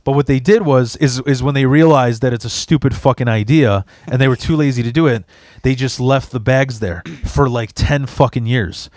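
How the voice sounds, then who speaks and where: Profane, rambling podcast host from Chicago. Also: male voice, mid-range voice, normal speed, darkish tone, no echo, clean studio sound. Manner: profane, rambling, frequent restarts. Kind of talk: casual storytelling chat.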